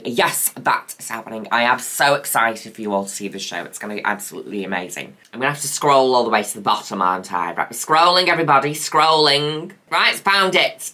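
A woman's voice: low-pitched, pushed and bright. A woman, a drag queen host, chatting in a camp, theatrical, self-mocking way as she reacts to an old video. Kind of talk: casual reaction commentary.

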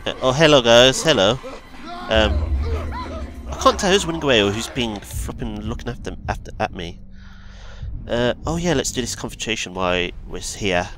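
A man talks his way through a video game in casual let's play commentary. He is excitable and prone to yelps, and his voice jumps around lively from low to high. Game music plays clearly behind him. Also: moderate pace. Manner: excitable, yelps and chatty asides. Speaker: gaming video host.

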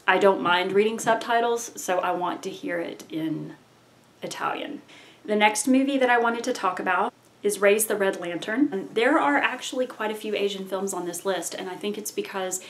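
A woman's voice: medium pitch, moderate pace. A woman vlogger earnestly recommending foreign films in a casual talk to camera, with frequent ums and restarts. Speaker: film vlogger.

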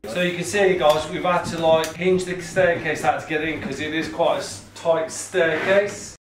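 A man's voice: on the high side, fairly even intonation, normal speed, over music. A man working as a carpenter, talking apprentices through a job in a matey, encouraging way with plenty of banter. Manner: matey, encouraging, keeps saying "mate" and "lovely". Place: indoor building site, on a staircase. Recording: roomy site, distant mic, loud work noise.

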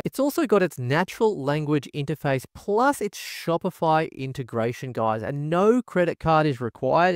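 A man's voice: a little high, dry recording, clean studio sound. Upbeat man forever saying "guys". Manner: enthusiastic, says "guys" constantly. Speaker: tech reviewer. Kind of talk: screen-recorded product walkthrough.

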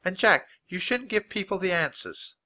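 A man's voice: high-pitched, animated, normal speed, voice pushed up, exaggerated voice. A man voicing a kindly, polite frontier schoolteacher woman in a children's storybook reading. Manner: gentle, polite, encouraging.

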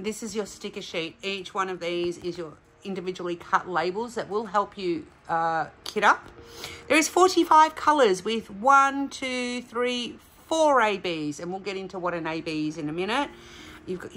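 A woman's voice: lowish voice, a bit bright, slight background noise. A woman hosting a casual unboxing vlog, chatting directly to her viewers as she shows off a craft kit. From Australia. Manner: chatty, talks straight to viewers. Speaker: diamond painting channel host.

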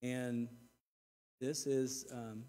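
A man in his sixties preaching a sermon, earnest and repeating words, swinging between loud emphasis and quiet asides. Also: mid-range voice, little pitch movement, very slow. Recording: reverberant church hall.

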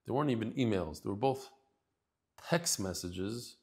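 A man's voice: fairly low pitch, expressive, moderate pace, darkish tone. A man teaching a daily Talmud class, talking in a casual, heartfelt and emotional way with many restarts. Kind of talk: casual heartfelt lesson intro.

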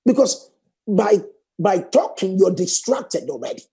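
A man preaching a sermon fervently, repeating phrases and swinging from raised exclamations to hushed prayer. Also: sits high, sing-song, measured pace, creaky, husky.

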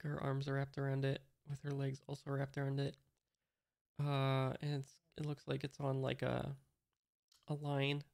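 A host casually reads a manga aloud as read-along commentary, hesitantly describing each panel while he works it out. His mid-range voice has vocal fry and a darkish tone, recorded in clean studio sound with no room ambience.

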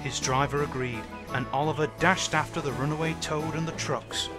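A man narrating a children's train story in a lively storytelling way, doing every character himself. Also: a little high, normal speed. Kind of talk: storybook narration of a fan-made train tale. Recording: music playing under the voice.

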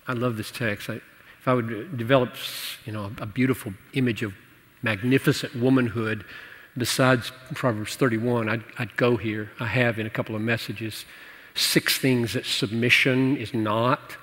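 A man preaching and answering questions in a church teaching session, animated and playful, laughing at his own jokes. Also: medium pitch, moderate pace. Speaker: pastor. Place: church hall. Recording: church hall reverb.

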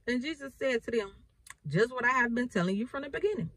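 A woman's voice: a little high, expressive, fast, a bit bright, no echo, low-quality recording. A woman preacher, reading scripture and explaining it with emphatic repetition. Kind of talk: bible reading and sermon.

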